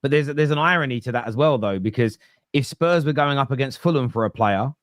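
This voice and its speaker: A man's voice: medium pitch, fast, dry recording. Guy hosting a footy chat, keeps restarting sentences, goes on about the food chain, pretty dry sound. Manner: rambling, builds long animal analogies, frequent restarts. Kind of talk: casual football debate.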